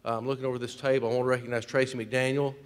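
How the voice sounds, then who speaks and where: A man's voice: mid-range voice, level tone, very fast, a little hiss or hum. A man hosting a luncheon, casually introducing guests with lots of fillers and restarts. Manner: casual, rambling with frequent fillers. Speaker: event host. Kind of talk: emcee introductions. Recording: long hall reverb.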